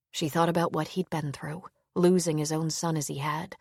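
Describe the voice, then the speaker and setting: A woman narrates a novel in an even, measured way. Her voice sits low with plenty of gravelly fry, and the recording is close and completely dry. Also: no room sound. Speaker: audiobook narrator. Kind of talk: scripted narration.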